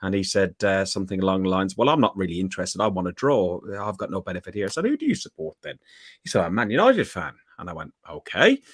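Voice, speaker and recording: A man's voice: deep voice, very animated, quick pace, husky, dry recording, clean studio sound. A man hosting a casual football podcast, telling rambling stories full of fillers. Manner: rambling anecdotes with many fillers. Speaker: podcast host.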